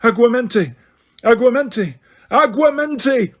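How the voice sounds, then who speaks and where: A man's voice: very high-pitched, expressive, moderate pace, a bit bright, pitched above the performer's own voice, full character voice. A man voicing a frantic teenage boy wizard with urgent, cracking pleas in an audiobook. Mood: desperate. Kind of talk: audiobook character reading.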